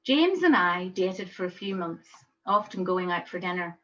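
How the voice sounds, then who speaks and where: A woman's voice: lowish voice, lively intonation, normal speed, fairly bright tone, highs cut off. Reflective woman storyteller. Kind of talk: personal storytelling. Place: home.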